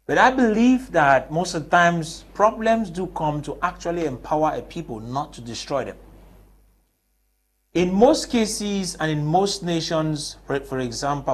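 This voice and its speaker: Emphatic high-voiced man. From Cameroon. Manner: emphatic, argues with rhetorical questions. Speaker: panelist. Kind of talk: TV panel discussion. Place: TV studio.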